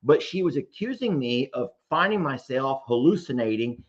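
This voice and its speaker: Animated man hosting a live chat. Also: mid-range voice, moderate pace. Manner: animated, laughing storyteller. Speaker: host. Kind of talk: casual livestream chat. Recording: dull lo-fi stream audio.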